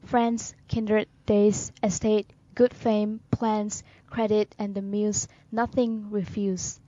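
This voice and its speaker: Woman on a radio show reading poems slow and solemn, dry dull-ish sound. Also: mid-range voice, flat delivery, warm tone, dry recording. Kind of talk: poetry reading on a talk show.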